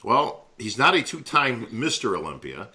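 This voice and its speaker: A man's voice: mid-range voice, sing-song, normal speed, pushed and bright. A man co-hosting a podcast, talking casually and laid-back, often saying "bro". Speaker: podcast co-host. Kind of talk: casual chat.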